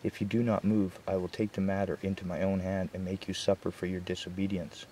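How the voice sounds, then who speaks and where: A stern, domineering army general gives orders in a commanding, scolding tone, read by a man. The voice is low and mellow and stays fairly level, with a faint hiss behind it. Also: level tone, brisk, lightly acted.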